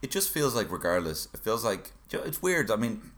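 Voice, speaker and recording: A man's voice: fairly low pitch, big pitch swings, a little fast, fairly bright tone. A man co-hosting a podcast, talking in rambling, laughing banter. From Ireland. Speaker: podcast co-host. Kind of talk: casual chat.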